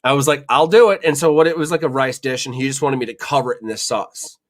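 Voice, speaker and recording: A man's voice: mid-range voice, quick pace. Casual guy host rambling thru a story, lots of swearing and "like"s. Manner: profane, rambling, full of fillers. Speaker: podcast host.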